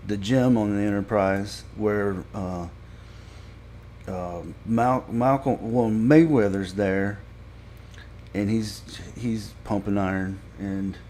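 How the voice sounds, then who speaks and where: Slow, low-voiced man rambling a recap. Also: dark tone, slight background noise. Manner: halting, many fillers and restarts. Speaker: podcast reviewer. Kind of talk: casual episode recap.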